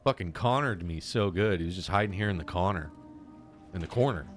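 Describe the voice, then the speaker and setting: Animated, laughing man telling stories. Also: sits low, fairly quick, over music. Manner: animated storyteller, laughs often, swears. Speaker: let's play streamer. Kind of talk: casual chat while gaming.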